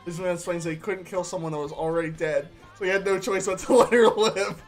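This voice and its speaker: A man's voice: high-pitched, steady tone, fast talker, faint music behind. A man streaming live, reading an AI-made story aloud and laughing often as he goes.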